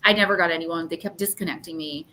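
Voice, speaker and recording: A woman's voice: fairly low pitch, fairly even intonation, fast talker, sharp tone. A woman hosting a casual livestream, telling an annoyed story and acting out both sides of phone calls. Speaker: livestream host.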